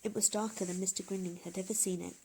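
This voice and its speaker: A woman reading a children's picture book aloud in a gentle, expressive way. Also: medium pitch, fast talker, a little hiss or hum. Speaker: storyteller. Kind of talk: children's story read-aloud.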